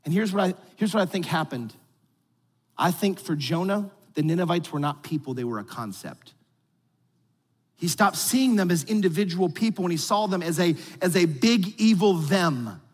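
A man preaching a sermon with casual, animated delivery and slangy asides. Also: high voice, normal speed, husky, in a large hall. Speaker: pastor.

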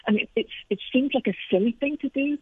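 A woman's voice: sits high, fast talker, husky, no room sound. A middle-aged woman with a Scottish accent, speaking earnestly as an interview guest, telling personal stories about faith. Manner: earnest, reflective storytelling. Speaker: Christian author and speaker, guest. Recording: tinny phone line.

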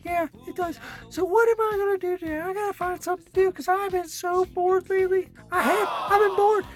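A woman's voice: very high-pitched, steady tone, fairly quick. A woman playing a vain, self-absorbed chatty woman, dramatically whining through a one-sided comedy phone call. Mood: bored chatter.

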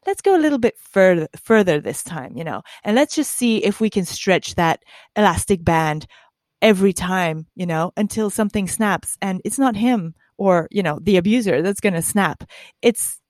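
A woman hosting a podcast conversation, speaking in a halting, emphatic way with many restarts. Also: medium pitch, expressive, a little mellow, dry recording, studio quality. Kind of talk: candid conversation.

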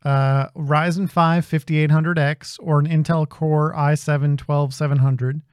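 A man's voice: on the high side, little pitch movement, a little slow, dry recording. Dry-humored male podcast co-host. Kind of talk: casual podcast chat.

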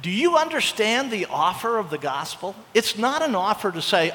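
A middle-aged man preaching a sermon as a pastor, animated and acting out the voices he quotes. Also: high voice, normal speed, big-room sound.

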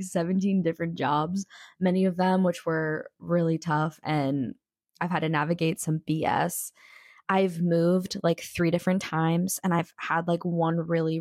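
A young woman hosts her own podcast in a bubbly, excitable, slangy chat. Her voice sits a little low for a woman. The sound is close and dry, with no room around it. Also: no room sound. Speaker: podcast host. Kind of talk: casual solo podcast chat.

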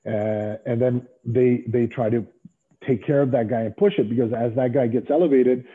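Husky guy rambling through wrestling stories, lots of um and uh, sounds like over the phone. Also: medium pitch, moderate pace. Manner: rambling, animated, many fillers and restarts. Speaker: former pro wrestler as guest. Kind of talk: casual storytelling. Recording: tinny phone-like line.

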